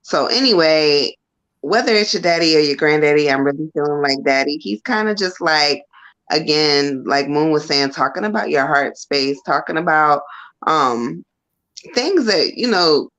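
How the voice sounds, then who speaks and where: Woman psychic, low voice, earnest and searching, checks details with the sitter. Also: expressive, normal speed, a bit bright, muffled recording. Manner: earnest, searching, asks for validation. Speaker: psychic reader. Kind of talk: live tarot reading.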